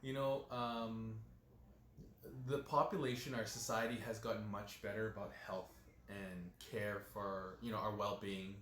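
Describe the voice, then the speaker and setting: A man, working as a dentist, telling stories in a relaxed, casual way and leaning on lots of "you know" fillers. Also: fairly low pitch, measured pace, a little hiss or hum. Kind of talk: casual interview talk. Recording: echoey room with faint ambience.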